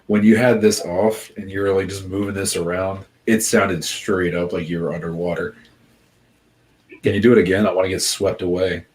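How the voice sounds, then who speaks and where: A man with a fairly low voice, chatting loosely on a video call and full of "like" and restarts. Faint noise hums behind him. He has the easygoing rhythm of a co-host among friends. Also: level tone, normal speed, a little mellow. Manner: laid-back, chatty, lots of fillers and laughter. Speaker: podcast co-host. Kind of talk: casual chat.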